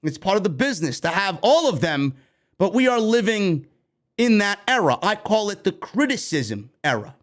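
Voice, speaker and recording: A man from New York runs a wrestling news show in a heated, profane rant. His voice sits high and leaps up and down with lively pitch swings. He swears freely and keeps the energy up. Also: moderate pace. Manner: animated, heated, heavy swearing. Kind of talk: profane ranting commentary.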